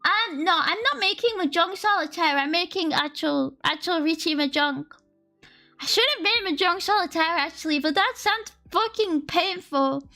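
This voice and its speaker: A woman's voice: very high voice, moderate pace, sharp tone. An Australian woman streaming herself coding, chatting casually in a rambling, self-deprecating way and laughing often. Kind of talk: casual live-stream chat while coding. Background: faint lofi music.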